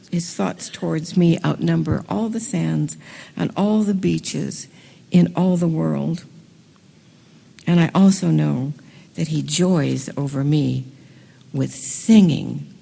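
A woman giving an enthusiastic talk to a women's gathering, moving between hushed, slow passages and excited bursts. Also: sits low, creaky, breathy edge. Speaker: speaker at a women's event. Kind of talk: sermon. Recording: long reverb of a hall.

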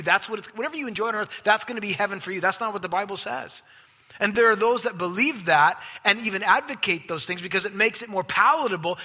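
Male pastor, sermon, high bright voice, emphatic, long reverb of a big hall. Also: breathy edge. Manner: emphatic, swings from loud stresses to hushed asides.

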